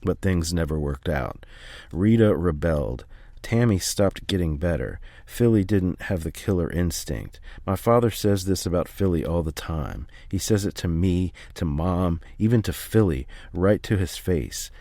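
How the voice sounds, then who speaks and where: Man, very low voice, steady memoir reading, dry close recording. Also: unhurried, dry recording. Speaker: audiobook reader. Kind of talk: first-person memoir reading.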